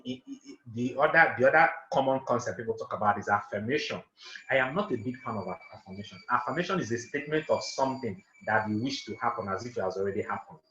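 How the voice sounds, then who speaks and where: A man running an interactive online class, talking fast and emphatically, repeating points and asking for confirmation. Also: fairly low pitch, a bit bright, reverberant, dull audio. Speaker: online trainer and coach. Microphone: video call.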